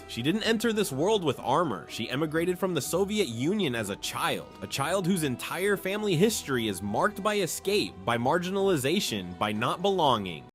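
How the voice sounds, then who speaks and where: A man's voice: a little high, a bit bright. A man giving scripted, dramatic narration in short, punchy phrases.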